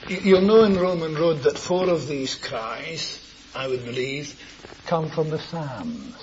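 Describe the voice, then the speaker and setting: An older man preaching a sermon, tender and earnest, repeating his phrases and moving between soft words and raised ones. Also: on the high side, expressive, a little slow. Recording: muffled lo-fi sermon recording with faint hiss.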